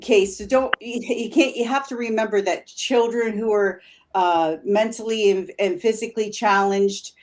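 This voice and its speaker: A woman's voice: mid-range voice, steady tone, normal speed, darkish tone. A woman guest talking casually as a paranormal investigator. She rambles and halts with many fillers, and she laughs easily. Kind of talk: casual interview chat.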